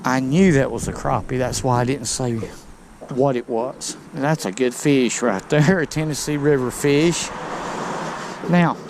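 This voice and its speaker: Slow, gravelly fishing guy. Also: medium pitch, slight background noise. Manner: excitable, talks straight to viewers. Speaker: fishing vlogger. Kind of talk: casual narration while fishing. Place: outdoors on a boat on a river.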